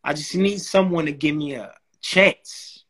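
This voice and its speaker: Animated New man telling a story. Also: fairly high pitch, a little slow. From New York. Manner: animated, acts out quoted dialogue, heavy slang and restarts. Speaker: guest. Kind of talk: casual storytelling.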